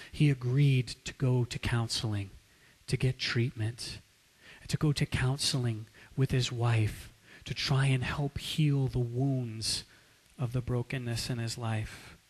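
A male preacher telling a story in a sermon, dramatic, swinging between loud and hushed. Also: medium pitch, fairly even intonation, slow pace, husky. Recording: long hall reverb.

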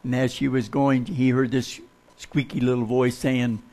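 A man preaching a sermon, telling folksy stories with humor and dropping to a hushed voice for suspenseful parts. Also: mid-range voice, flat delivery, a little slow.

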